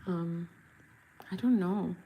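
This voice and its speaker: A woman's voice: lowish voice, takes it slowly, lo-fi sound, very noisy. A woman face painter chatting casually on a livestream while she paints, self-mocking and chatty. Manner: chatty, self-mocking, bursts into silly song.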